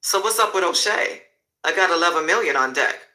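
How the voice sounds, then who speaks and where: A man's voice: high voice, lively intonation, bright, forceful tone, roomy sound, exaggerated voice, low-quality recording. A man voicing a cocky, talkative male informant who rattles off contacts and numbers. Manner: rapid, boastful listing of contacts.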